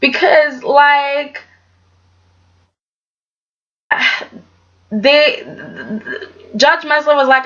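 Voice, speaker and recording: A young woman giving a casual vlog review in a sassy, animated way, tagging her points with "okay?". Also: high voice, extremely slow, pauses often. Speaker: soap opera reviewer. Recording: dull lo-fi audio.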